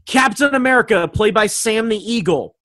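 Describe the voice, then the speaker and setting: A man in a casual comedic chat, talking excitedly and rambling, laughing often. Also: sits high, normal speed, no echo.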